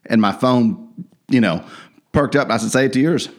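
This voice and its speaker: A man's voice: mid-range voice, moderate pace. A man co-hosting a podcast, chatting casually and acting out quotes as he tells stories. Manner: relaxed storytelling, acts out quotes. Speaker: podcast co-host. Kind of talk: casual chat.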